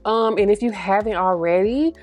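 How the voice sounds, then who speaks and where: A woman, chatting casually through a makeup tutorial, slangy and rambling, a little breathy. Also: medium pitch, moderate pace, a little mellow, soft background music. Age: 30s. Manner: a little breathy, holds breath mid-sentence. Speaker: beauty vlogger. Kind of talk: casual get-ready-with-me chat.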